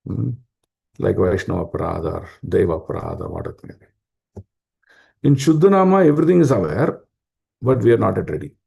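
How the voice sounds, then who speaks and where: Man, informal scripture talk, husky and dark-toned. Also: fairly low pitch. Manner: explanatory, asks rhetorical questions, many fillers. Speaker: spiritual class speaker.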